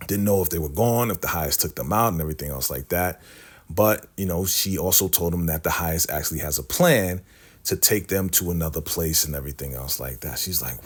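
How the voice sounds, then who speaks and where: A man giving a casual TV episode recap, chatty, laughing often and addressing his viewers. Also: low voice. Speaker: TV recap vlogger.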